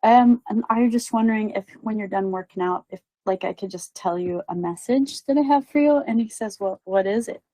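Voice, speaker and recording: A woman's voice: mid-range voice, brisk, hardly any pauses, warm tone, no echo, rough recording. A woman telling a story as a medium, chatty and full of fillers and quoted voices. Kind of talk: casual storytelling.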